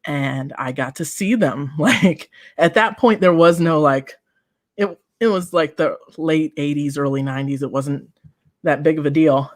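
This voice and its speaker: Slow-paced, animated woman storyteller. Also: low-pitched, no echo, clean studio sound. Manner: animated storyteller, acts out quotes, laughs often. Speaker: podcast co-host. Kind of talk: casual chat.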